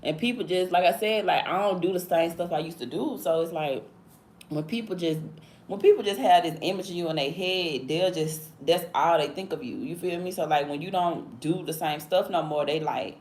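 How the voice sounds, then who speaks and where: A woman's voice: deep voice, moderate pace, a little mellow. A woman in her thirties livestreaming and talking casually in slang, often asking "you feel me?". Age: 30s. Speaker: livestream host. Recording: echoey room with faint background noise.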